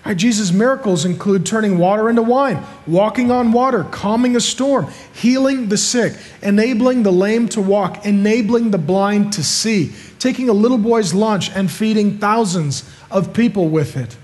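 A man's voice: high voice, normal speed, hardly any pauses, a little mellow. A man preaching a sermon as a pastor, emphatic and repeating his points with rhetorical questions.

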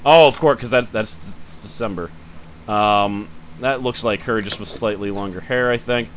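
A man giving casual let's-play commentary, thinking aloud as he checks details, quick to grumble and then apologize. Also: fairly low pitch, a little hiss or hum. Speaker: gaming channel host.

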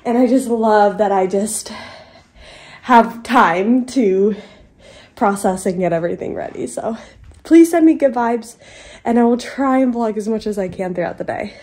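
A woman in her thirties chatting excitedly to viewers in a casual vlog. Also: a little high, a little slow. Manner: bubbly, excited, talks straight to viewers. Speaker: vlogger. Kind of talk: casual vlog chat to camera.

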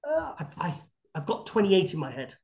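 A man with a high-pitched voice talks in a podcast interview. He rambles through lively anecdotes, restarting sentences and filling gaps with "um" and "you know.". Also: brisk, creaky. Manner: animated, rambling anecdotes with many fillers and restarts. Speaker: bodybuilding guest expert.

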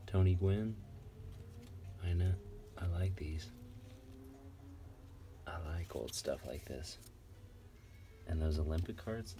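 Deep-voiced man excitedly sorting cards. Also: slight background noise. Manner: excited, rattling off card names. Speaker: card collector vlogger. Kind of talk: casual unboxing chat.

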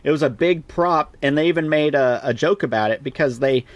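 A man co-hosting a podcast, chatting casually about a movie in a rambling way, jumping into higher voices to act out quotes. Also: brisk, no room sound. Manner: rambling, acts out quoted lines in a raised voice. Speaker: podcast co-host. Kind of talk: casual movie review chat.

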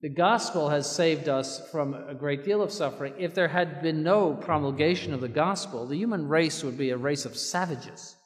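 A man preaching a sermon as a bishop, earnest and slowing down to stress key words. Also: on the high side, in a large hall.

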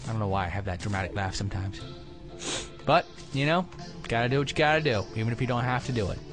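A man hosting a let's play, giving goofy, excitable, self-mocking gameplay commentary. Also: mid-range voice, fast, music in the background.

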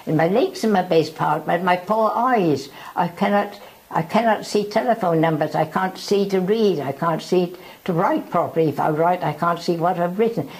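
Very old woman, halting and reflective. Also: lowish voice, a little mellow, low-quality recording. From South Africa. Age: over 100. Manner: halting, repeats herself, reflective. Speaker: interviewee. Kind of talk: oral history interview.

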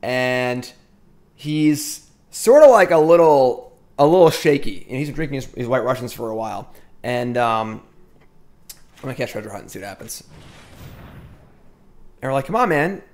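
While playing a card game on stream, a middle-aged man tells a chatty, rambling story, repeatedly interrupting himself to comment on his moves. His medium-pitched voice has a darkish tone, moving at normal speed with long pauses.

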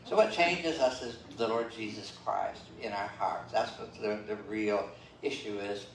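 A man's voice: on the low side, unhurried, slight background noise. An older man preaching a sermon as pastor, talking conversationally with many fillers and "okay?" check-ins. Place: church sanctuary. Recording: roomy, distant church livestream.

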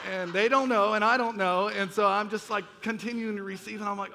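A man with a bright, forceful voice preaches a personal testimony in a church. He tells the story with animated energy, acting out his own past reactions. His voice carries a long reverb from the large hall. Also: sits high, quick pace, hardly any pauses, slight background noise. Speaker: pastor. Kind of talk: sermon testimony. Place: church auditorium.

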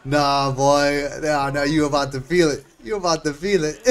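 A man streaming live gameplay, reacting with lots of laughter and slangy, excited commentary. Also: on the high side, measured pace. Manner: slangy and swearing. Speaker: game streamer.

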